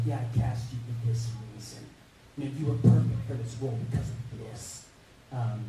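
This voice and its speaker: Man telling stories on a convention panel. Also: medium pitch. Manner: chatty storyteller, laughs at own stories. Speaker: voice actor panelist. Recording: echoey hall, distant mic, noisy.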